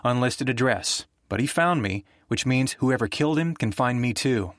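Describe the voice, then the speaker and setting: A man's voice: medium pitch, expressive, moderate pace, no room sound, clean studio sound, lightly acted. Man voicing a tense, grieving ex-professor. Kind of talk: audiobook character voice.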